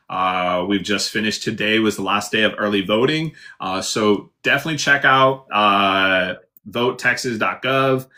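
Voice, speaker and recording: A man's voice: fairly low pitch, pushed and bright. A man running for state office, answering a moderator's question with lots of uh fillers. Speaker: state house candidate. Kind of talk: candidate interview.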